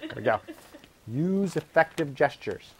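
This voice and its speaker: A man's voice: on the high side, lively intonation, a little slow, noisy background. Self-mocking man rambling on his show. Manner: self-deprecating, rambling, laughs at himself; acts out quoted voices. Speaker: host. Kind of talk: casual rambling monologue.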